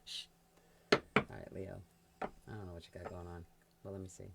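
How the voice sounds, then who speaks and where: A woman giving a casual tarot reading, chatty and quick to laugh, talking straight to the sign she reads for. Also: a bass voice, level tone, creaky, very noisy. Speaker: tarot reader.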